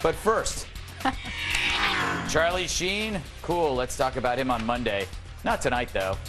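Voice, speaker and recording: A man's voice: medium pitch, expressive, slow pace, loud music behind the voice. A man hosting a late-night panel show, joking and laughing often. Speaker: talk show host.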